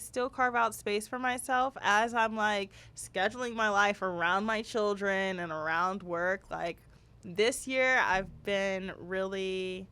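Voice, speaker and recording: A woman in her thirties, co-hosting a podcast in casual chat, telling family stories in a lively way with animated voices for the people she quotes. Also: mid-range voice, clear, resonant tone. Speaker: podcast co-host.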